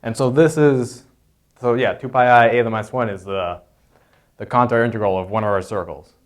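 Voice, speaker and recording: A man's voice: medium pitch, a little fast. A man explaining a math proof in an unscripted lesson, hesitant, with frequent fillers and self-corrections. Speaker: math tutor.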